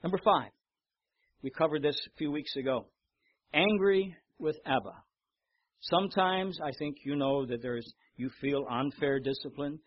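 An older man preaching a sermon, telling stories with lively repetition and reading scripture aloud. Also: fairly high pitch, normal speed, highs cut off. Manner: storytelling, animated in anecdotes, repeats words. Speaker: pastor.

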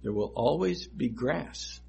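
A man preaching a sermon that teaches through scripture verses, speaking deliberately and repeating phrases for emphasis. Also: medium pitch, lively intonation, gravelly, a little mellow, slightly rough.

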